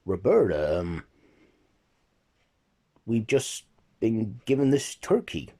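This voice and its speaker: A humble, puzzled working father, as a man plays him, halting and stammering. His voice sits low and husky and moves slowly. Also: big pitch swings, warm tone, heavily acted. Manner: hesitant, stammering.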